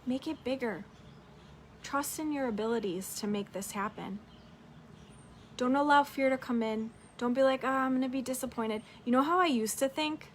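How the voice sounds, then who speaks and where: A woman's voice: sits high, normal speed, a little hiss or hum. A woman business coach giving a casual, upbeat motivational talk, swearing freely and talking straight to her listeners.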